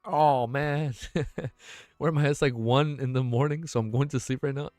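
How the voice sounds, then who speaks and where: Young man, livestream host, casual excitable chatter, worn-out tired voice, dry close mic, faint music under him. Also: mid-range voice, no room sound. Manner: excitable, swears freely, gushing reactions. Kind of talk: casual livestream chat reacting to artwork.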